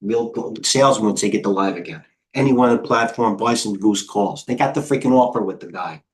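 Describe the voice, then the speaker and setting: Excitable low-voiced American trading coach. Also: male voice, brisk. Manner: excitable, rambling, jumps between tickers with quips. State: out of breath. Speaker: trading coach hosting a live stream. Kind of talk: live market commentary.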